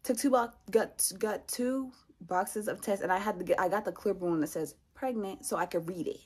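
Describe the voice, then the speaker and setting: Husky young woman telling a story. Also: medium pitch, normal speed. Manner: animated, repeats lines for emphasis. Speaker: vlogger. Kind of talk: storytime vlog.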